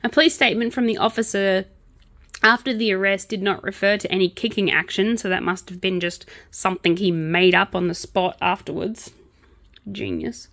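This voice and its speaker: A woman's voice: mid-range voice, steady tone, fairly quick, a bit bright, no echo. A woman vlogger chatting casually and sarcastically about true crime while she crochets.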